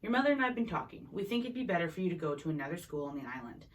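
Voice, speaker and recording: A woman voicing a worried, protective father, speaking in a firm, measured way. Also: on the low side, sing-song, distant mic.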